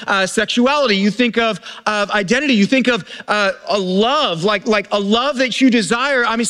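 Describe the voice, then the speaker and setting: A pastor preaching a conversational sermon to a congregation, informal, often restarting and repeating words. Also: male voice, extremely high pitch, fairly bright tone. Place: church service before a live congregation.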